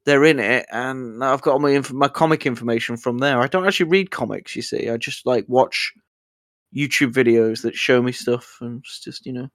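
A man's voice: medium pitch, moderate pace, fairly bright tone, no echo, studio quality. Sweary joking man in casual podcast chat. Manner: sweary, joking, trails off into mumbles. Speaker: podcast co-host.

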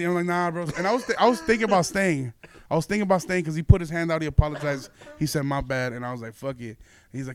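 A man's voice: on the high side, fairly quick, clean tone. A young man hosting a podcast, telling a loose, profane story with lots of laughing. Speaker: podcast host and comedian. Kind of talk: casual storytelling chat.

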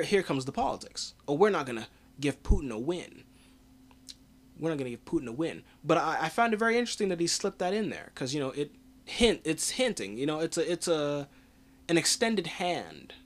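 A man's voice: a little high, fairly bright tone. A man hosting a podcast, giving casual political commentary in a blunt, profane way with frequent restarts. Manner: blunt, profane, laughs often, restarts a lot. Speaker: podcast host.

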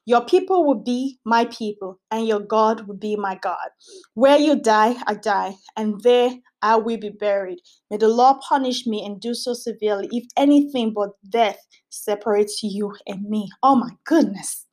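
A woman with a fairly high, somewhat mellow voice speaks at a moderate pace. She hosts a Bible study podcast, reading scripture aloud and teaching casually and earnestly while repeating phrases for emphasis.

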